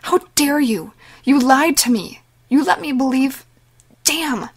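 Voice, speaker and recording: A woman voicing a weary, sharp-tongued older nun who speaks curtly. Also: a little high, level tone, moderate pace, vocal fry. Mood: angry. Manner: curt and snappish.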